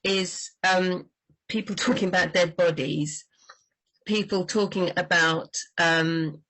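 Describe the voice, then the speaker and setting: A woman book doctor talking in a lively, chatty way on a livestream about writing crime fiction. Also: lowish voice, a little slow, breathy edge, rough recording.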